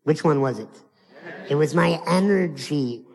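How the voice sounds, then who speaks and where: A man's voice: on the high side, unhurried, creaky, in a large hall. An American man giving a live motivational keynote, telling stories playfully and speaking straight to his audience. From United States.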